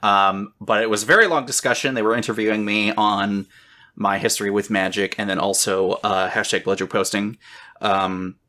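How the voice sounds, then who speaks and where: A man co-hosting a podcast in casual chat, excitable and swearing freely, with lots of "um". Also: fairly low pitch, moderate pace. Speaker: podcast co-host.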